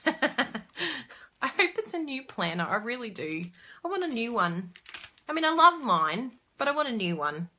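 A bubbly woman with a bright, fairly high-pitched voice hosts a crafting live stream, chatting casually and reading viewer comments aloud. She laughs often and lets out excited exclamations.

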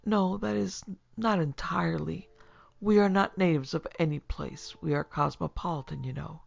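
A woman voicing a timid, frightened old aunt who speaks softly and hesitantly, almost in a whisper, on a dull lo-fi recording. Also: low voice, steady tone, moderate pace, vocal fry, heavily acted. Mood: fearful. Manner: soft, hesitant, near-whispered.

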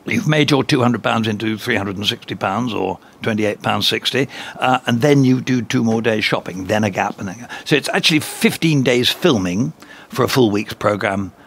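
A man with an English accent, a guest in a cricket commentary box, telling lively anecdotes and chuckling through punchlines. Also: on the low side, normal speed, creaky, a little hiss or hum.

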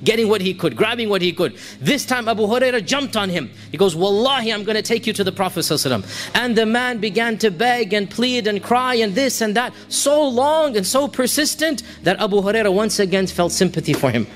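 High-voiced man telling a religious story. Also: fairly quick, few pauses. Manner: animated storyteller, quoting figures, switching into Arabic recitation. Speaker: Islamic preacher.

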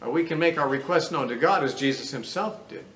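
A man, a Bible teacher, gives an earnest classroom lecture, reasoning through each point aloud. His voice sits a little high for a man. It carries a roomy echo with a faint hiss of noise underneath. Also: a little fast, a bit bright. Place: lecture room.

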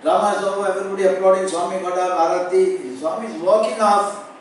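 A man with a slightly high voice tells an emotional personal story at a youth retreat, acting out each exchange with animated delivery. He is recorded from far off in a very echoey hall, with faint noise behind him. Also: quick pace. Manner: animated, acts out dialogue with rising intensity. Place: large indoor retreat hall.

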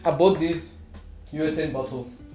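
A man's voice: fairly high pitch, fairly even intonation, moderate pace. A young man chatting casually to camera, joking and self-deprecating. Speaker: vlogger. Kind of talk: casual vlog chat. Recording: roomy room with background music. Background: soft guitar music.

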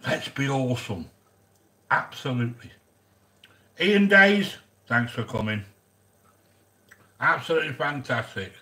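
A man's voice: mid-range voice, sharp tone. A man chatting casually while hosting a cooking vlog, rambling and joking and greeting viewers by name. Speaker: cooking channel host.

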